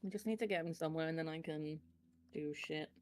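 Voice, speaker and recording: A woman's voice: deep voice, a little fast. A woman taking part as a player in a tabletop game, chatty and self-mocking, laughing often. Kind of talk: casual tabletop game chat.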